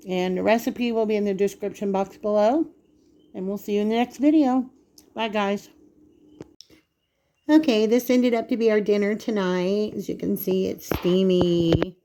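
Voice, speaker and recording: A woman's voice: fairly high pitch, a little mellow. Woman, home cooking vlog host, chatty, talks to viewers, home kitchen, camera mic.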